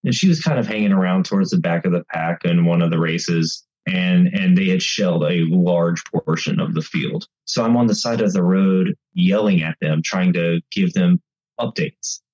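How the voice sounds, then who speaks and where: A man telling casual stories about bike racing, acting out rider chatter with lively energy. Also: deep voice, moderate pace, lo-fi sound. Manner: animated, acts out race chatter. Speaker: bike racing guest commentator. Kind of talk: casual storytelling.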